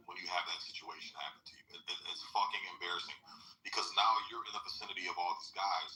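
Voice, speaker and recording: Fast-talking man, bright and profane. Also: low-pitched, low-quality recording. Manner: fast, profane, animated, acts out quotes. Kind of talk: casual chat.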